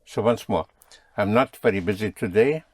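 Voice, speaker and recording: A man's voice: fairly low pitch, moderate pace, husky, no room sound. A man teaching a spoken language lesson, patiently drilling and correcting his students.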